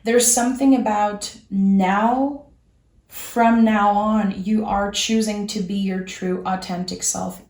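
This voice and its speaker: A woman's voice: medium pitch, a little mellow, echoey room. A woman with a French accent giving a tarot reading, speaking earnestly and reassuringly straight to the viewer. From France. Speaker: tarot reader.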